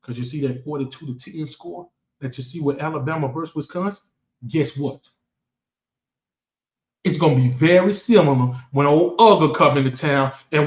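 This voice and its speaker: A man's voice: on the high side, animated, normal speed. A man giving boastful, taunting football commentary as a fan vlogger. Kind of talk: trash-talking football commentary. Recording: echoey room, dull lo-fi sound.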